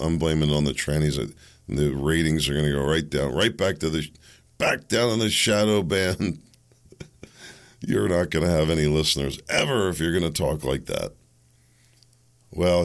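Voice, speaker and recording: A man hosting a talk radio podcast, delivering a blunt, combative and sarcastic monologue. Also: extremely low pitch.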